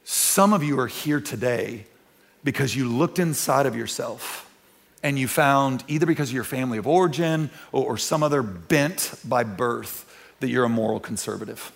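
A man preaching a sermon in a church, talking conversationally with repeats and restarts, dropping to hushed tones and rising to loud emphatic peaks. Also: medium pitch, normal speed, gravelly. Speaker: pastor. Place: church sanctuary.

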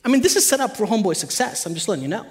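A pastor delivering an animated, conversational sermon to his congregation. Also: sits high, very fast.

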